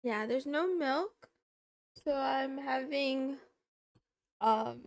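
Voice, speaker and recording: A young woman VTuber streamer chatting casually and playfully while eating on a quiet stream. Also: high voice, steady tone, slow pace, pauses often.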